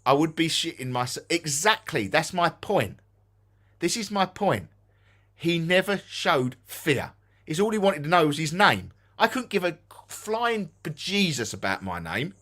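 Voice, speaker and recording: A man's voice: on the high side, a little slow. A man with an Essex accent, co-hosting a casual live-stream chat about ghost hunting, arguing his point and swearing casually. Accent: Essex English. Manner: animated, argumentative, swears casually. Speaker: ghost hunting show co-host.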